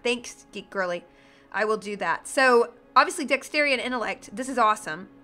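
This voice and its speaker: A woman's voice: a little high, sharp tone. A woman streaming herself making a game character, chatting casually and joking with her viewers in a bubbly, irreverent way. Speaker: streamer playing a role-playing game. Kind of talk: casual livestream commentary, reading chat.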